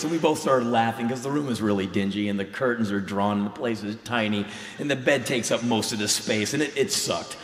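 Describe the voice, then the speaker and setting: A man's voice: mid-range voice, fairly quick. A middle-aged man telling a true story in a blunt, intense, profane way as a live spoken word performance. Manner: intense, blunt and profane, bursts into loud shouts. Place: live stage in a large hall. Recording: roomy hall reverb from live stage.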